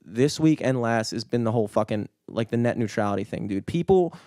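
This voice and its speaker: A man's voice: medium pitch, lively intonation, fairly quick, mellow, no room sound, clean studio sound. Rambling, swearing man on a podcast. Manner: rambling, swears a lot, heavy filler words. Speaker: podcast co-host. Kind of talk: casual chat. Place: studio.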